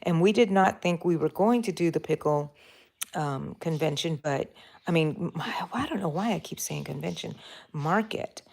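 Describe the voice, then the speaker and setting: An older woman hosts a home crochet livestream, chatting casually and rambling as she answers her viewers while she works. Her voice is deep and a little mellow, with vocal fry and a moderate pace.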